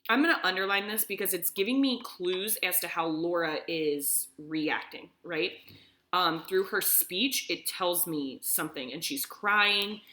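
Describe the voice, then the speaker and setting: A woman's voice: lowish voice, unhurried, pushed and bright. A woman teacher reading a story aloud and explaining it step by step, often checking in with "okay?". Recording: echoey room.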